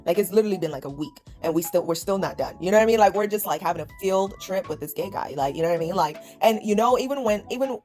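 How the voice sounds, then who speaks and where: A woman's voice: mid-range voice, dark tone. A woman giving reaction commentary in a mocking, scornful way, repeating her points.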